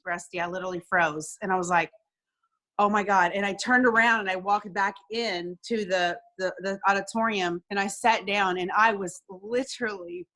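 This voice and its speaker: A woman on a video call telling an emotional personal story, sincere and halting, often repeating words when moved. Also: mid-range voice, a bit bright. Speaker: guest.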